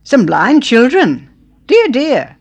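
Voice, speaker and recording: A woman voicing a fussy, nosy elderly woman who shouts her pity at strangers on a train. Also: sits high, wildly swooping pitch, slow pace, husky, pitched above the performer's own voice, heavily acted. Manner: shouting, exclaiming.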